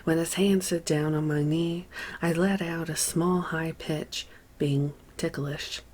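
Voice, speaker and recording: A woman reading a memoir aloud as an audiobook narrator, measured and unhurried, with deliberate pauses. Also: sits low, fairly even intonation, a little mellow.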